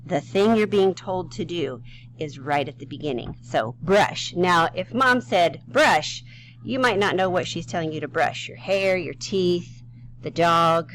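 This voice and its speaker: A woman's voice: lowish voice, expressive, unhurried, fairly bright tone, slight background noise, poor audio. A woman teaching a grammar lesson to young children, playful and chatty, talking straight to them with questions.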